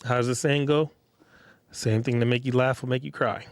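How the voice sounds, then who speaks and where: A man's voice: medium pitch, normal speed, no room sound, studio quality. A man hosting his own podcast, talking casually and bluntly in slang. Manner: blunt and profane, street slang; animated when acting out others. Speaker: podcast host. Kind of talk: casual solo podcast monologue.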